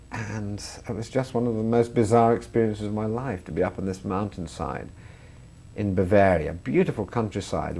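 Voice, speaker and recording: Low, gravelly Englishman telling anecdotes. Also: warm tone. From England. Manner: chatty, self-deprecating, laughs through stories. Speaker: guest, comedian and filmmaker. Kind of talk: interview anecdotes.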